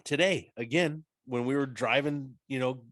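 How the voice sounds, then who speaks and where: A man's voice: medium pitch, moderate pace, fairly bright tone. A middle-aged man co-hosting a podcast in blunt, profane, casual chat. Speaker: podcast co-host.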